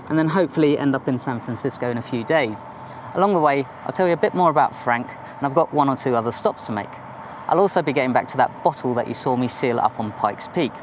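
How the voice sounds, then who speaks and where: A man's voice: medium pitch, a little fast, slight background noise. A man, a science teacher presenting a documentary to camera in a chatty, informal and self-deprecating way. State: a bit out of breath. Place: outdoors on a mountain top.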